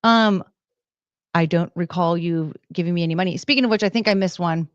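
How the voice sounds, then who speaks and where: A woman's voice: lowish voice, a little fast, no room sound. Playful woman livestreamer, dry dull sound. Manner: playful, reads out super chats with beeping sounds. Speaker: livestream host. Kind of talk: casual livestream chat.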